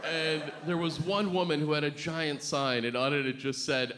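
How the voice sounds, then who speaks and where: A man doing a stand-up set with a halting, deadpan delivery full of fillers and restarts. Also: a little high. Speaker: stand-up comedian. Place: comedy club stage before a live audience. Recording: loud crowd laughter and noisy club ambience.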